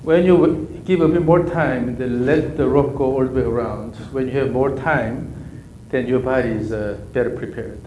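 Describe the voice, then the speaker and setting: A man's voice: medium pitch, normal speed, dark tone, slight background noise. A man with a Korean accent coaching a golf student, giving short, repeated cues during drills. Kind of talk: live coaching session. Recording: echoey room with faint ambience.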